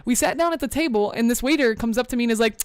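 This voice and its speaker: This VTuber, a young woman, races through a casual stream, reading chat aloud and talking with viewers while laughing a lot and sounding a bit breathless and scattered. Her pitch is fairly high and her tone clean. It's studio-quality audio with no room sound at all.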